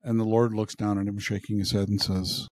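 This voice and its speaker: A man's voice: flat delivery, brisk, a little mellow, no room sound. A man co-hosting a podcast, telling jokes in casual chat and lifting his voice playfully for the characters. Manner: retells jokes with playful pitch shifts for characters. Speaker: podcast co-host.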